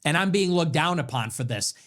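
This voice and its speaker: A man hosting his own political commentary show. His voice sits a little high and leaps around with lively, animated pitch. He delivers an emphatic monologue, mocking and sarcastic, and repeats his points for force. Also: fairly quick. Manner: emphatic, repetitive. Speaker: show host.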